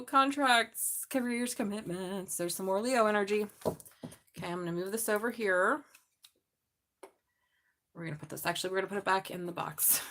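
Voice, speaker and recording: A middle-aged woman with a Southern accent hosts a live tarot reading, chatting and joking with viewers in a slightly mumbly voice. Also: on the low side. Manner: chatty and joking, laughs often, talks to the chat. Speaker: tarot reader hosting a live stream.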